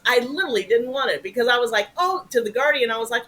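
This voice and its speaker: A woman's voice: fairly high pitch, quick pace, hardly any pauses, sharp tone. A woman telling a story as an interview guest. She talks animatedly, swears freely and acts out the voices in her anecdotes. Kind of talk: casual storytelling.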